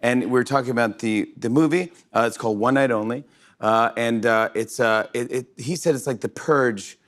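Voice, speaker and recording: A man hosting a late-night talk show interview, playful and teasing, firing off quick follow-up questions. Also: mid-range voice, a bit bright. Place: TV studio with audience.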